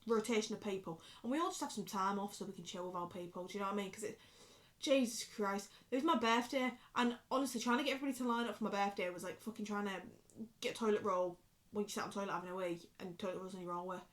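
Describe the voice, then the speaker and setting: A woman's voice: mid-range voice, quick pace. A woman in her twenties with a Yorkshire accent, rambling and swearing freely in a casual vlog to camera. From Yorkshire, England. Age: 20s. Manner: rambling, sweary, chatty, animated. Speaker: vlogger.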